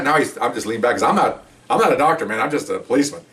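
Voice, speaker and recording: Fast-talking retired police storyteller man. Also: mid-range voice, fairly bright tone, far from the mic. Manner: rambling, acts out quotes in a raised voice. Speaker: retired police officer telling stories. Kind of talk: casual spoken storytelling.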